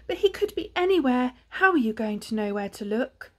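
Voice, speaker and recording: A woman voicing an anxious mother hedgehog in a storybook, speaking high and fretful. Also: very animated, moderate pace. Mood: worried.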